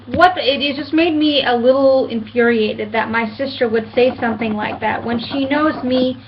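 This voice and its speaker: A woman in her late twenties rants to camera from home about being misunderstood, earnest and halting, with many fillers and restarts. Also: on the high side, lo-fi sound, slight background noise. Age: 20s. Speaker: vlogger. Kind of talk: casual rant to camera.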